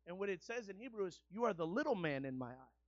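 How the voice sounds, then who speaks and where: A man with a very high voice preaches a sermon in a folksy, conversational way and builds into loud, repeated exhortations. The sound is dry and close, with a dull, muffled tone. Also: very animated, fast talker, no echo. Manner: builds to loud, repetitive call-and-response preaching.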